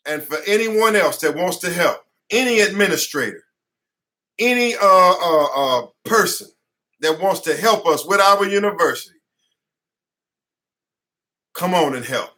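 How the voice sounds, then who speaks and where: A man delivers an impassioned class lecture from his office, his voice high and bright with a forceful edge. He preaches more than he explains, hammering his points home through repetition. He is sweating as he speaks. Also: animated, unhurried, pauses often. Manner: fiery, preacher-like, repeats phrases for emphasis. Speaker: attorney and teacher.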